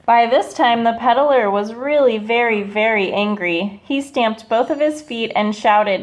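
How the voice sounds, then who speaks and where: A woman teacher reading a picture book aloud to children, slow and expressive, stopping to ask them questions. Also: a little high.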